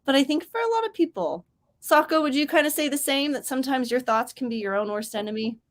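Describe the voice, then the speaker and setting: A woman's voice: high voice, animated, fast. Upbeat, chatty woman hosting a livestream. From grew up near Mexico. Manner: chatty, upbeat, reads chat comments aloud. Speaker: host of writing sprint livestream. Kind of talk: casual livestream chat.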